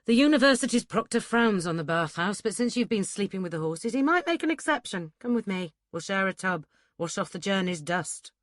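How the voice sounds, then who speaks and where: A woman's voice: mid-range voice, lively intonation, a little fast, few pauses, no room sound, studio quality, natural voice. A woman voicing a testy, teasing young male scholar in an audiobook.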